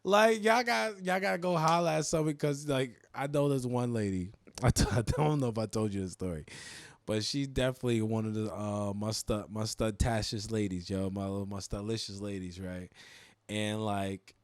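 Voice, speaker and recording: A man hosting a podcast, talking in an animated, profane way and laughing often. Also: on the low side, moderate pace, no echo. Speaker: podcast host. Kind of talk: casual podcast chat.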